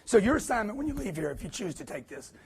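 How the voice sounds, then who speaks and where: A man giving a live motivational sales talk to an audience, emphatic and preachy, with punchy repetition and quick acted-out quotes. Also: high voice, very animated, darkish tone, slightly rough. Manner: acts out quotes in put-on voices.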